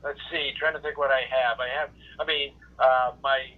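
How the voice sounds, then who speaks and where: A man's voice: medium pitch, flat delivery, normal speed. A male podcast guest in casual chat, talking hesitantly with many fillers as he recalls things. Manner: hesitant, many ums and uhs. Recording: phone-like call audio.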